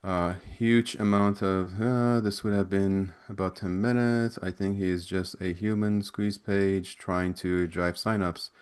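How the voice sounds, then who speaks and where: A man's voice: sits low, steady tone, unhurried, few pauses, clean tone. A man, an ex-recruiter, hosting a webinar Q&A over a video call and reading audience questions aloud, loose and chatty with many restarts. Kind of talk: casual Q&A from chat.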